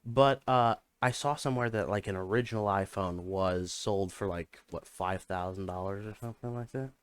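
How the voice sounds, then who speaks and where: A young man co-hosts a podcast in a smooth, low voice at normal speed. His casual chat rambles, full of fillers and restarts.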